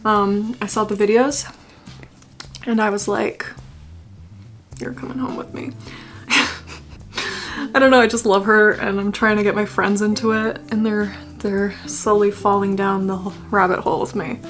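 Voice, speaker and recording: With faint music behind her, a young woman in her twenties speaks in a flat, medium-pitched voice at a moderate pace. The beauty vlogger makes casual conversation while doing her makeup, mocking herself, cursing often, and slipping into theatrical wails.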